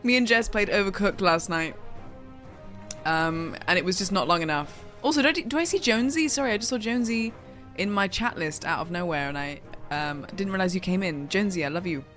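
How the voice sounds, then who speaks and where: A woman giving casual, excitable let's-play commentary, yelling and laughing at the game as she plays. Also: on the low side, fairly quick. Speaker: gaming streamer. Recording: game music playing under voice. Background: game music.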